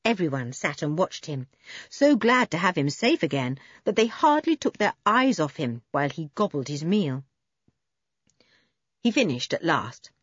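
A woman reads a children's adventure story aloud with a lively, animated lilt. Her voice is a little husky and the recording sounds dull and dry, as if made close to the mic in a small space. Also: deep voice, moderate pace, dry recording. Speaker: audiobook narrator.

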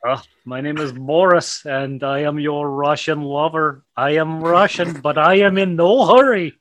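A man putting on a mock-seductive Russian ladies' man, talking slowly and deliberately. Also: a little high, fairly bright tone, a little hiss or hum, natural voice.

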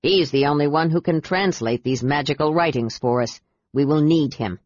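A harsh, stern male knight speaks in clipped, commanding tones, as a woman narrating puts him on. His voice sits low, in a dry, dull recording. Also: moderate pace, darkish tone, no echo. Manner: stern, curt.

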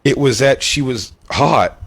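A man's voice: medium pitch, unhurried, creaky, slightly rough. A man in his forties telling a rambling, crude story in casual podcast chat, full of fillers and restarts. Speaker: podcast host.

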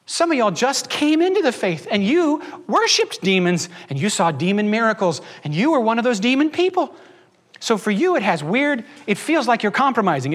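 A pastor preaching a sermon from the pulpit. He is a man with a fairly high voice, and he keeps changing his pace. He slips into little acted-out voices for the people he quotes. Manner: preaching with quick shifts between pace and pitch, acting out voices.

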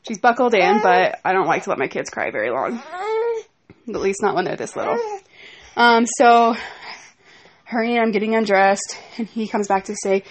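A woman's voice: mid-range voice, moderate pace, long pauses. A young woman venting in a rambling personal vlog about a fight at home, speaking with frustration. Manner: frustrated rambling storytelling with asides to her kids. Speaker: vlogger.

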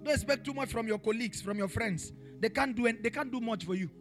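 Faint music plays behind a male pastor preaching in a church in Pretoria, his voice very high-pitched and his pace quick. He's emphatic and repetitive, posing rhetorical questions, building to rising shouted passages and breaking into bursts of tongues.

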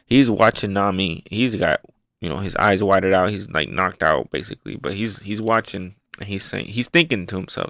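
Excitable, rambling male host, casual chat, dry and close. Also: sits low, normal speed, dry recording. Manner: excitable, rambling, repeats words. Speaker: podcast host reviewing manga.

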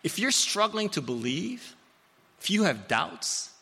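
A man preaching a sermon, telling stories with playful asides and swinging between loud and hushed. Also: high-pitched, unhurried, gravelly, husky, big-room sound. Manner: storytelling, animated, with playful asides.

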